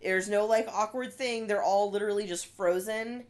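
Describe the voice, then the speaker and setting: A woman in her thirties co-hosting a podcast, retelling film scenes in a casual, animated way with lots of fillers. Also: medium pitch, moderate pace. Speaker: podcast co-host. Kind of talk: casual chat.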